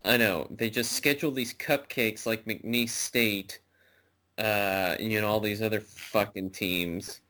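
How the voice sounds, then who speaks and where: A man's voice: fairly low pitch, fairly even intonation, measured pace, bright, forceful tone. A man co-hosting a podcast in a casual sports chat, rambling and swearing freely. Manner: rambling, profane, says bro a lot. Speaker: podcast co-host.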